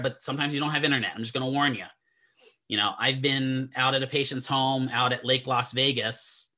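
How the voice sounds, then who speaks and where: A man's voice: mid-range voice, bright, forceful tone. A man teaching a classroom lecture in a chatty, digressive way, often asking the students questions. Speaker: physical therapy instructor.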